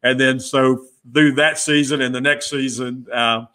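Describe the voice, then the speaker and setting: A man's voice: mid-range voice, measured pace. A middle-aged man, a podcast guest, telling stories in a casual interview and acting out the dialogue he quotes. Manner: lively storyteller who acts out quoted dialogue. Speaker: guest, former pit crew member.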